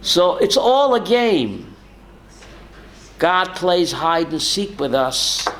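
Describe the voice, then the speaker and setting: A male rabbi giving a lively Torah class, asking rhetorical questions and calling on listeners by name. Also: sits high, drawn-out words, a little hiss or hum. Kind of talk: Torah class to a live audience.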